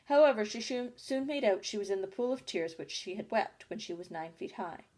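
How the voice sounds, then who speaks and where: A woman reads a storybook chapter aloud at an unhurried pace. Her voice sits at an ordinary middle pitch, and she now and then stumbles on a word and corrects herself. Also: lively intonation, darkish tone. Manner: unhurried, with small slips and self-corrections. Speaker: audiobook reader. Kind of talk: storybook reading.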